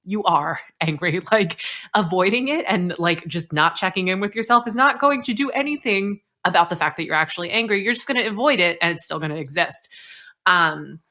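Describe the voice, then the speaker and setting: A woman's voice: fairly low pitch, animated, fairly quick, pushed and bright. A woman hosting a podcast conversation, a former therapist talking candidly and animatedly, swearing casually. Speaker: podcast host.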